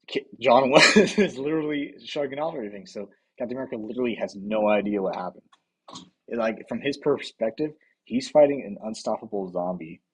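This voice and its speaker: A man's voice: on the low side, slightly rough, low-quality recording. A man streaming casual commentary, rambling, laughing often, swearing and answering the chat aloud.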